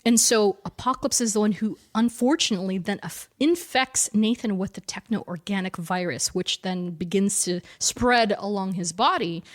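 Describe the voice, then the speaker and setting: A woman co-hosting a podcast in casual chat, retelling a comic storyline with animated energy and frequent laughter. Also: medium pitch. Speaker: podcast co-host.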